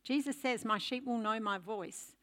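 An older woman giving a sermon, telling a lively story to make her point. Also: a little high, normal speed. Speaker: preacher.

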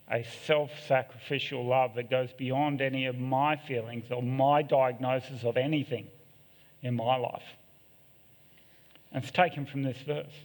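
A middle-aged man, preaching a sermon in a candid, self-deprecating way with joking asides. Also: mid-range voice. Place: church hall. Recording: long echo of a church hall.

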